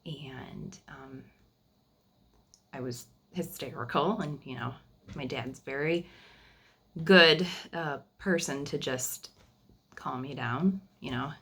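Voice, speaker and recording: A woman in her thirties talks into the camera at home in a personal video diary. Her voice sits low, with a husky, gravelly edge. She sounds emotional and halting, and often circles back over her own phrases. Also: a bit bright. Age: 30s. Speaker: vlogger sharing family news.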